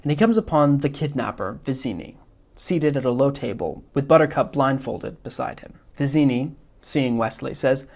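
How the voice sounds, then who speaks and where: Man, podcast host, analytical, measured, unhurried film talk. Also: mid-range voice, lively intonation, a little mellow.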